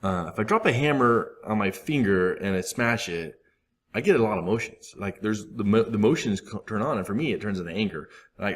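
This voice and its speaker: A man's voice: fairly low pitch, expressive, a little fast. A man in his thirties giving a candid, rambling talk to a recovery group, acting out his own asides. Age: 30s.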